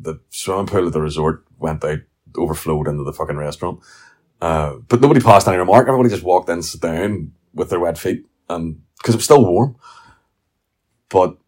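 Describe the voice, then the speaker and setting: A middle-aged man with a Northern Irish accent, ranting and telling blunt, sweary stories as a podcast host. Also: rumbling low. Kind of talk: casual ranting monologue.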